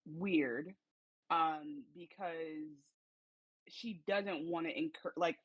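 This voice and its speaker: A woman's voice: fairly low pitch, breathy edge. Woman, podcast co-host, blunt slangy talk, muffled lo-fi recording. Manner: slangy, many fillers, blunt opinions. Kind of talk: casual recap chat.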